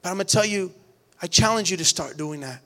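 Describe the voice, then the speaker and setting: A middle-aged pastor with a notably high voice delivers a sermon. He speaks earnestly, repeating words as he builds toward emphatic points. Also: fast, a bit bright. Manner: earnest, repetitive restarts, rising emphatic preaching.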